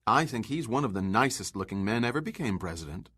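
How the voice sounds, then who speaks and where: A vain, chattering housewife rattles on with a careless, breezy air. A man reads her part, lifting his voice high and swinging it widely up and down. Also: expressive, fast talker, pushed and bright, slightly rough, heavily acted. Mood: breezy gossip. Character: chatty vain housewife, middle-aged woman.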